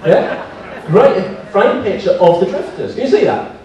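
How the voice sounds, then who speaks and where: A man's voice: high voice, lively intonation, moderate pace, mellow, recorded from a distance, muffled recording. A man in his thirties giving a seminar talk as guest speaker, a self-mocking joker who tells funny stories to an audience. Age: 30s. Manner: joking, self-mocking storyteller. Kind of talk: comic business seminar talk. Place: large hall with an audience. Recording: echoey hall, picked up from afar, with noise.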